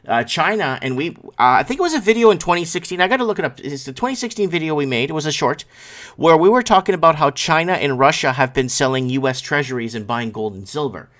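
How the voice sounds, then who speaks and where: A male host talks loosely through headlines on his morning stream, wandering off on tangents and answering chat comments as they come in. He sounds sleepy and yawning, with a middling pitch and an everyday voice. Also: a bit bright. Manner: rambling, reacts to chat comments. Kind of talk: casual live-stream commentary.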